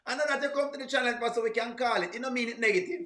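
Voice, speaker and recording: Brief: a high-voiced man, teasing reaction host, in an echoey room. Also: very fast, pushed and bright. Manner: preachy, teasing, punchy exclamations. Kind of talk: comedic reaction commentary.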